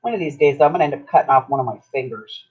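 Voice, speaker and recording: A woman's voice: very deep voice, very fast, breathy edge. An older woman hosting a craft livestream, chatting in a rambling, self-mocking way while she works. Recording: dull lo-fi stream audio.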